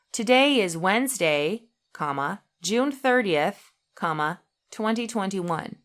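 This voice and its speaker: A woman teaching an English punctuation lesson, reading example sentences aloud in a deliberate way and saying each comma out loud. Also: medium pitch.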